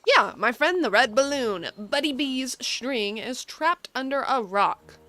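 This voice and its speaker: A woman voicing an excitable male cartoon tiger from a game, with a folksy Southern drawl. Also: high voice, unhurried, heavily acted.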